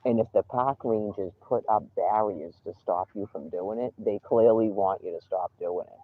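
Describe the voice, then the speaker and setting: Man, indignant campsite rant, low husky voice, phone-like tinny sound, casual live chat. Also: normal speed. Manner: ranting, indignant, swears freely. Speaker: livestreamer. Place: campsite outdoors.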